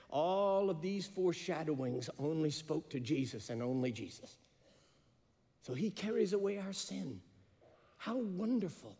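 A man's voice: on the high side, dark tone, big-room sound. A man preaching a sermon, telling stories and building to emphatic peaks. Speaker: pastor.

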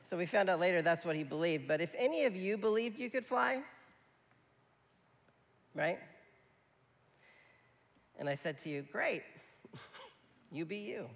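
A man's voice: high voice, expressive, moderate pace, long pauses, a bit bright. A man preaching a sermon in a conversational, emphatic way, often checking in with his listeners. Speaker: pastor. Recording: long hall reverb.

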